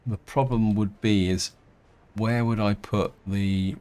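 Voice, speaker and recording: Slow, low-voiced man thinking aloud. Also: steady tone, warm tone, smooth. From England. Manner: thinking aloud, hesitant, many restarts. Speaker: game let's-player. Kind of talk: casual gameplay commentary.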